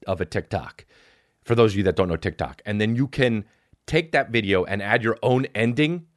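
A man hosting a podcast, rambling in a profane casual monologue and jumping into loud, high-pitched outbursts. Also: dry recording, clean studio sound. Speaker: podcast host.

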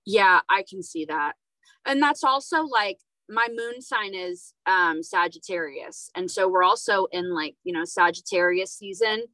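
A woman's voice: fairly low pitch, unhurried, pushed and bright, no room sound, low-quality recording. A woman hosting a casual podcast conversation, talking in a rambling, hesitant way with many fillers. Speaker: podcast host.

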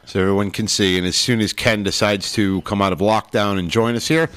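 A man's voice: fairly low pitch, a little fast, a bit bright, clean tone, no room sound. A man hosting a podcast in casual chat, rambling with many fillers and restarts. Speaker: podcast host.

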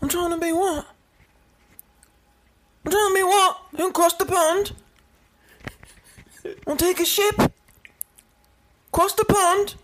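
A woman's voice: very high voice, fairly even intonation, slow pace, pauses often, a little hiss or hum, voice pushed up. A woman playing a British man who is trying to pass as Australian, with a mock Australian accent and boastful tall tales. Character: British man faking a clumsy Australian act.

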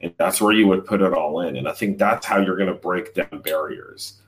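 A man's voice: sits low, moderate pace. A man giving blunt, emphatic career advice on a live chat show as hiring leader. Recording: voice distant from the mic.

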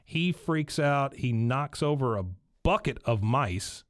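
A man's voice: mid-range voice, takes it slowly, no echo. A man hosting a podcast, animatedly retelling a cartoon episode in casual chat at a studio mic. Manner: animated storyteller, laughs while retelling. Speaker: podcast host.

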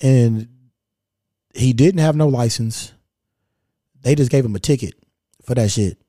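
A man's voice: mid-range voice, measured pace, dark tone, no room sound, studio quality. A man from Kentucky hosting a podcast, telling a story in a blunt, profane, rambling way. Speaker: podcast host. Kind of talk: casual storytelling monologue.

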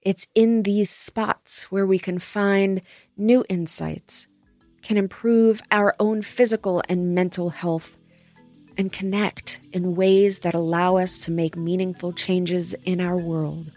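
A woman's voice: lowish voice, steady tone, slow, darkish tone, faint music behind. A woman hosting a podcast, delivering a scripted monologue in an impassioned, emphatic way. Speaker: podcast host.

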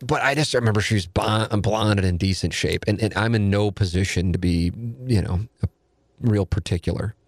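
A man's voice: on the low side, normal speed, no echo, clean studio sound. A man in his forties telling a rambling, self-deprecating story with casual profanity. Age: 40s.

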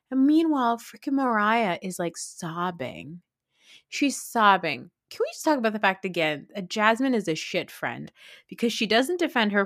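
A woman hosting a podcast, recapping reality TV in a casual chat, excitable and laughing through her sentences while swearing freely. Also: mid-range voice, dry recording, clean studio sound. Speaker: podcast host.

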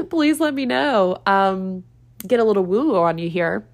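A woman's voice: medium pitch, animated, moderate pace. A woman hosting a solo spiritual podcast, talking in an earnest, chatty way and laughing often. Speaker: podcast host and spiritual coach. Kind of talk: casual solo podcast monologue.

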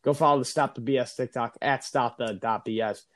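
A man's voice: mid-range voice, fairly even intonation, no echo. A young man hosting a podcast in casual banter, ranting and swearing in a grumbling way. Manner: profane, grumbling, quick to rant. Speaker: podcast host. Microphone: recorded over a phone or call.

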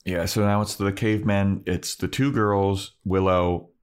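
A low-voiced man chatting casually on a podcast. He retells scenes and slips into the characters' lines, laughing often along the way. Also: level tone, a little slow, clear, resonant tone. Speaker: podcast co-host. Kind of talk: casual recap chat.

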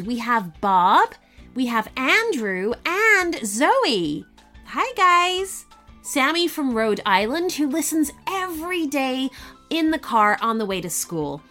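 Casting: woman storyteller for kids, lively pitch, slow and gentle delivery. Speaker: podcast host and storyteller. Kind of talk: bedtime story narration.

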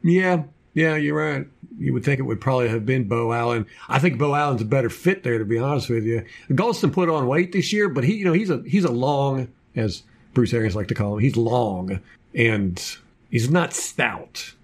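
A man's voice: medium pitch, normal speed. A man co-hosting a casual sports podcast, running through a team depth chart with jokey asides. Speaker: podcast co-host.

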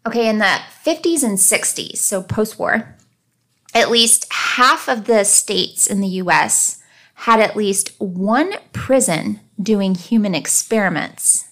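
A woman's voice: mid-range voice, animated, slow, a bit bright. Chatty woman hosting a true crime podcast, laughs easy, goes off topic. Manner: chatty, digresses, laughs easily. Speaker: podcast host.

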